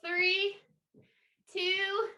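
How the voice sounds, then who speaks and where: Bubbly high-voiced woman teaching kids. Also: drawn-out words. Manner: energetic, encouraging, playful. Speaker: children's water festival educator. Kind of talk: upbeat lesson for children with movements. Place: home, indoors. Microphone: video call.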